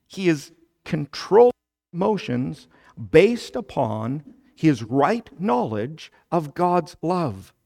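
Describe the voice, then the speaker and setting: Male pastor, sermon delivery; slow, measured, gravelly tone that swells to emphatic prayer. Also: fairly high pitch, big pitch swings. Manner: preaching, rising to loud emphatic petitions; explains scripture slowly, then builds to loud emphatic petitions.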